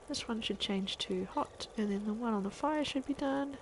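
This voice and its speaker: A woman's voice: on the high side, measured pace, a little hiss or hum, poor audio. Chatty laughing woman streamer. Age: adult parent. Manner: chatty, laughs often, trails off mid-sentence. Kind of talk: casual gameplay chat with viewers.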